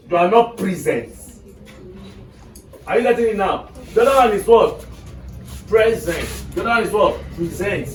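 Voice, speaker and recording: A male teacher giving an English lesson to a class, often checking that his students are following. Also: high-pitched. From Nigeria. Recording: echoey room, mic far off.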